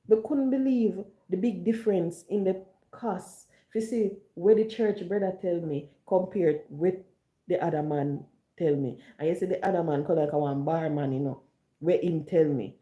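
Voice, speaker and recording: Woman, Jamaican accent, casual storytelling monologue, lowish pitch, very mellow tone, roomy echo. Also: moderate pace. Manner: storytelling, mixing patois and standard English. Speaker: online chat host.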